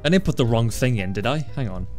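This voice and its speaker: A man giving excitable let's-play commentary, stammering, swearing and laughing often. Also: mid-range voice, fast, soft background music. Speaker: gaming channel host.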